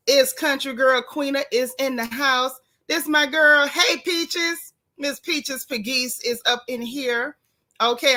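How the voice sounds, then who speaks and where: A woman's voice: on the high side, bright, forceful tone. A woman hosting a casual live stream, chatting and greeting viewers by name with down-home slang.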